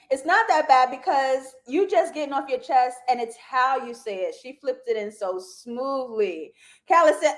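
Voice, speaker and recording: A young woman hosting a live TV review, talking straight to her viewers in a loose, slangy way. Her voice sits a little high for a woman. She laughs often and tosses in asides as she breaks down the episode. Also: animated, moderate pace. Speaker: TV review show host. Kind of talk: casual live review chat.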